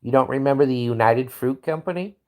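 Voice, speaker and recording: A man's voice: medium pitch, fairly quick, darkish tone. A man hosting a livestream, ranting in a profane, rambling way and restarting his sentences often. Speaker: livestream host. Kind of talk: casual livestream rant.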